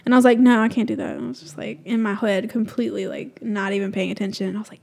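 A woman's voice: mid-range voice, steady tone, very fast, vocal fry, a little mellow. A young woman, a podcast guest, talking casually in a rambling way full of "like" fillers. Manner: rambling, filler-heavy, "like"-laden talk.

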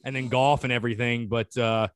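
A man's voice: medium pitch, level tone, fairly quick, fairly bright tone, slight background noise. A man, a guest on a casual podcast, talking with enthusiasm and repeating himself. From North Augusta, South Carolina. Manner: enthusiastic, repeats words, says "man" often.

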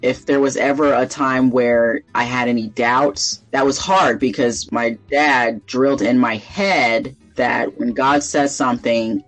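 Low husky woman telling a faith story. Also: rough recording. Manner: animated storyteller who acts out quoted dialogue and laughs often. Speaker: podcast co-host. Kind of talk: personal faith testimony in casual chat.

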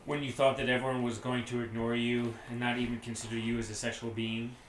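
A man performing his part in a comedy script reading with a playful, jokey, excitable manner. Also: mid-range voice, fast. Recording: echoey room, faint noise.

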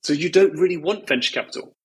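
A man's voice: fairly high pitch, fast, slightly rough, poor audio. A man, a venture investor, speaking candidly and emphatically as a podcast guest, with many "you know"s and "like"s. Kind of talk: podcast conversation.

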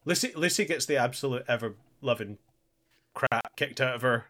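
A man co-hosts a casual podcast chat, his voice bright and forward at a middling pitch. He talks in loose, stumbling runs, restarting sentences and laughing along as he recaps a show. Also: moderate pace. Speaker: podcast co-host.

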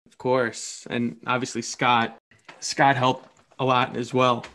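Halting man in casual podcast chat. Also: mid-range voice, monotone, bright, forceful tone. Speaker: podcast co-host.

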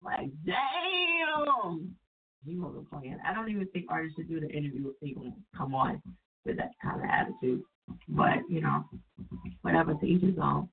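A woman's voice: animated, brisk, gravelly, a little hiss or hum. Chatty woman radio host, sick. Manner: chatty, loose and profane, with sudden high-pitched quoted voices. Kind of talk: casual call-in radio talk. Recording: distant, phone-like radio audio.

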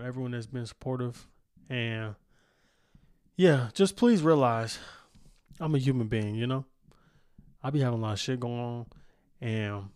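A man's voice: medium pitch, a little mellow, clean tone. A young man hosting his own podcast from a home studio, rambling and swearing freely, laughing at himself. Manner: profane, rambling, self-mocking, laughs often. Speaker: podcast host. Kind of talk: casual solo podcast outro. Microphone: studio microphone.

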